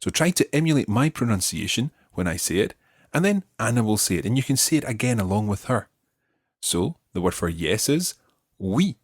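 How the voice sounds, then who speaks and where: A man teaching a beginner language lesson on a podcast, patient and clear as he models words for learners to repeat. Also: fairly low pitch, sing-song, moderate pace, dry recording, clean studio sound.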